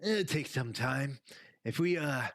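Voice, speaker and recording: A man's voice: medium pitch, lively intonation, a little slow. A man running a tabletop game as game master, telling the scene in a rambling, profane way and laughing often. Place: home streaming setup.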